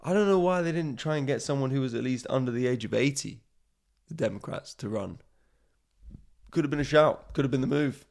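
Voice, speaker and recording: A man hosting a comedy podcast, rambling through a sarcastic monologue. His voice is gravelly and his pitch sits mid-range. His delivery is loose, with frequent asides that trail off. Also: brisk, darkish tone.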